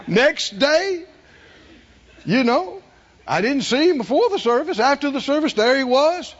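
A middle-aged man preaching a sermon, folksy and animated, asking the congregation questions. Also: very high voice, a little slow, lo-fi sound. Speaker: pastor.

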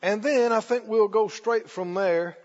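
A man preaching a sermon, emphatic, often shouting and repeating phrases. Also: high-pitched, measured pace, long reverb tail, highs cut off.

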